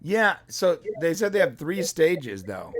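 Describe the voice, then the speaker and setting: A man's voice: on the high side, sing-song, a little slow. A man co-hosting a live review podcast, thinking aloud in an easygoing, casual way. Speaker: podcast co-host.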